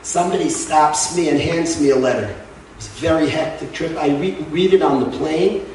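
Middle-aged man, fervent yeshiva head addressing a crowd, loud-to-hushed swings, distant in an echoing hall. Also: fairly high pitch, normal speed, a little hiss or hum. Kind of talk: emotional speech to a crowd. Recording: echoey hall, mic from afar.

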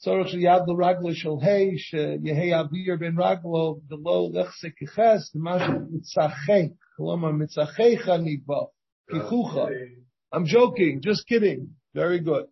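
A man's voice: a little high, a little slow, gravelly, slightly rough, lo-fi sound. A man teaching a Talmud class as the rabbi, reading the text aloud and translating it line by line, often restarting his phrases. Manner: reads Hebrew and Aramaic text and translates it, with many restarts.

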